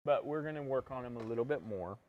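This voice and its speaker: A man co-hosting a painting tutorial, talking through each step in a relaxed, joking way. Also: medium pitch, quick pace, narrow, tinny audio. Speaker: painting instructor and co-host.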